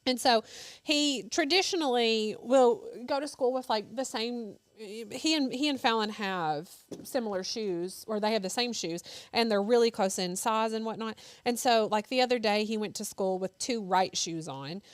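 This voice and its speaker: A woman's voice: a little high, normal speed, no room sound. A woman in her thirties, co-hosting a crafting show, who chats casually and tells rambling family stories full of fillers while she sews. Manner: chatty storyteller with lots of fillers. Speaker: crafting channel co-host. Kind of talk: casual chat while sewing.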